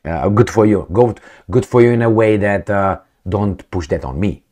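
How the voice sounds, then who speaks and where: A man's voice: on the low side, moderate pace, mellow. A middle-aged man from Romania, giving blunt, rambling opinion commentary on his vlog. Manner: blunt, rambling, with many fillers. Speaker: vlogger.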